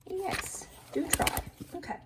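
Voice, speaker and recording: A woman's voice: takes it slowly, recorded from a distance, very noisy. A woman who sells vintage books, showing them one by one in a casual, chatty way and gushing over the illustrations. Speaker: vintage book seller. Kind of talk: casual show-and-tell.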